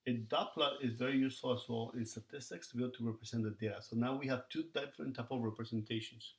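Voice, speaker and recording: A man explaining a math lesson in a recorded video, with a gravelly edge and a pitch in the middle range. He talks to his students as he works through each step and counts the numbers aloud. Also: steady tone, fast talker. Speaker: math teacher.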